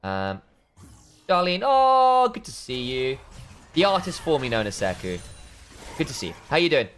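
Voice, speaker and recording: A man casting a live esports match, breaking down item choices in detail, chatting with viewers and breaking into excited shouts during fights. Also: mid-range voice, brisk, faint music behind. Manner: analytical, chatty with viewers, bursts of excitement on plays. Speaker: esports caster.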